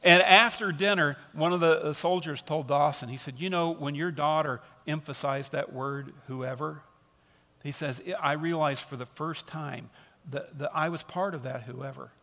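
A man preaches to his congregation with an earnest, emphatic delivery, leaning on repeated phrases to drive points home. His voice sits a little high for a man. It rings with the long reverb of a large hall. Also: normal speed, creaky, sharp tone. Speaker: pastor. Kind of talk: sermon.

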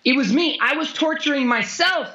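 A man coaching a guest in conversation, blunt and heavy on swearing, telling stories intensely with sudden jumps in pitch. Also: normal speed, pushed and bright, highs cut off.

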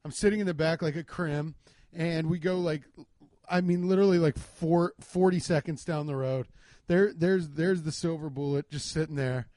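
Young man, slightly higher voice, very dry close sound; loose, cussing storyteller. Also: normal speed, mellow, no echo. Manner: profane, rambling, laid-back. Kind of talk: casual comedic storytelling.

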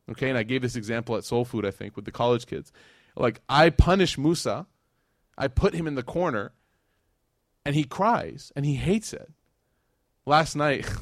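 Male lecturer in his thirties, casual animated storyteller, dry mic. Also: medium pitch, a little fast, dry recording. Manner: animated storytelling, acts out his son's lines. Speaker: Islamic lecturer. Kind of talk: conversational religious lecture.

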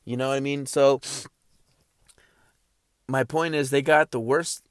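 Young male commentator, loose profane ranting monologue, pitch a bit high, dead-dry recording. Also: unhurried, long pauses, clear, resonant tone, no echo. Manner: animated, swears freely, repeats himself, laughs at his own jokes.

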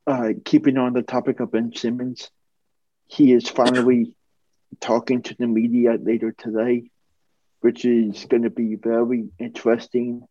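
A man co-hosting a podcast, speaking slowly and hesitantly in casual sports chat. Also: medium pitch, dark tone, no room sound. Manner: slow, hesitant, fills with uh. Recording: dull dry lo-fi mic.

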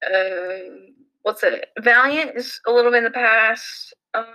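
A woman talks loosely on a casual podcast, her voice bright and a little high. She giggles and stumbles over her words, restarting sentences as she goes. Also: measured pace, low-quality recording. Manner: giggly, stumbles and restarts while looking things up. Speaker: team member.

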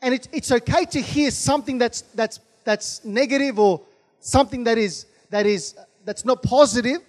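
High-voiced preaching man in a reverberant hall. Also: normal speed. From Australia. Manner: preaching with repeated calls of amen and hallelujah. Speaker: pastor. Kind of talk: sermon. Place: large church hall.

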